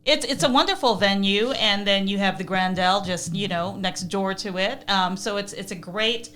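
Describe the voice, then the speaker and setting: A woman's voice: medium pitch, normal speed, pushed and bright. A woman hosting a casual interview, enthusiastic and encouraging toward her guest. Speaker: podcast host.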